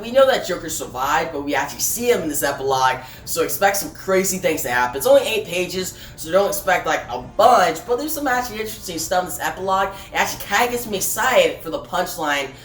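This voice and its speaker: A man's voice: high-pitched, a bit bright. A man hosting a casual comic book review vlog, energetically addressing viewers as guys. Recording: roomy, distant mic, faint music.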